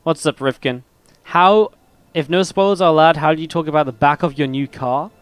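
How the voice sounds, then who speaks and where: Chatty male game caster, smooth voice. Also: fairly high pitch, fairly quick, no room sound. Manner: rambling, chatty, laughs at own stories. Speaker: esports caster and streamer. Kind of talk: solo game commentary with chat banter.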